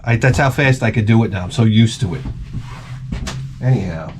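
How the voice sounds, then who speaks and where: A man's voice: fairly low pitch, moderate pace, very noisy. A middle-aged man hosting a crude comedy vlog, opening packages and rambling with lots of swearing, jumping into mock voices to tell stories. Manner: profane, rambling, slips into mock voices for jokes.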